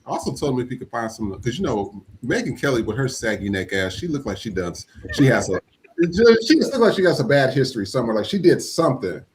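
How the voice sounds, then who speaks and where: A man hosting a podcast, talking in a blunt, profane, animated rant about politics and culture. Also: medium pitch, fast, a little hiss or hum. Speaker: podcast host. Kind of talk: casual political chat.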